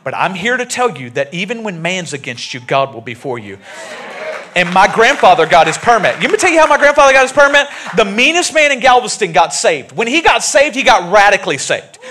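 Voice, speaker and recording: Male pastor, lively high delivery, storytelling sermon in a church. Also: fairly quick. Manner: animated, jokey storytelling preaching. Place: church sanctuary.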